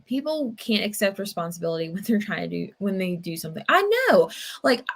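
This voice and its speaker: A woman's voice: medium pitch, a little fast, gravelly. Chatty young woman hosting a livestream. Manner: chatty, rambling, many fillers, animated when telling a story. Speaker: livestream book-club host. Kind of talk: casual livestream chat and storytelling.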